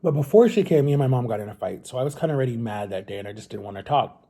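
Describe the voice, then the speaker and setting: A man's voice: medium pitch, expressive, very fast, mellow, breathy edge. A man vlogger telling a long personal story to his viewers in a rambling, chatty way. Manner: rambling, chatty, often addresses viewers as guys.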